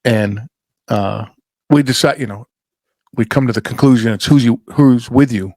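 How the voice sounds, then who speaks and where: A man's voice: mid-range voice, normal speed, a little mellow, no room sound. A middle-aged man hosting a laid-back podcast chat. He swears freely and tells stories in a loose, rambling way. His voice sounds dry and close, with no room around it. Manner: swearing, storytelling with acted-out quotes. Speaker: podcast host. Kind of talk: casual chat.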